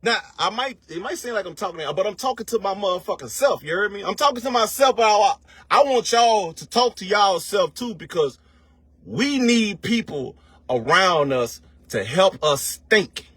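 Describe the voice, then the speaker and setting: An online commentator with a high-pitched, fairly bright, slightly rough voice and lively intonation delivers a casual, profane motivational rant, recorded with no echo. Preachy and packed with slang and rhetorical questions, he stretches words out for emphasis.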